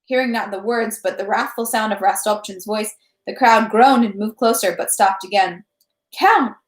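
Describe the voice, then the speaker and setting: A woman reading a classic novel aloud at home, with steady narration and small self-corrections. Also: medium pitch, normal speed. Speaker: reader. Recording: roomy echo.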